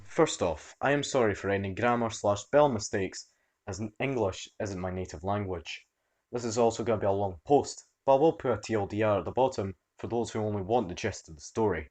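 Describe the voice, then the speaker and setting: A man narrating online stories in an animated, expressive storytelling manner. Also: lowish voice, a little fast.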